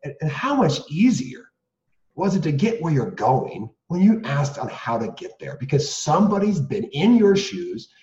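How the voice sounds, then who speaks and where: A middle-aged man, a guest, telling his own story in an earnest and animated way, full of restarts and rhetorical questions. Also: on the high side, normal speed. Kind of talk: candid storytelling. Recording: roomy, dull lo-fi sound.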